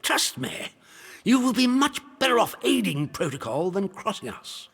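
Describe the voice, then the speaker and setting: A stuffy old british officer npc, super high squawky voice, swoops up and down, real fussy. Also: male voice, sing-song, moderate pace, fairly bright tone, exaggerated voice. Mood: warning. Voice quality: fussy, old-fashioned, like an old rooster. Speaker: game character. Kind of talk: video game voice acting.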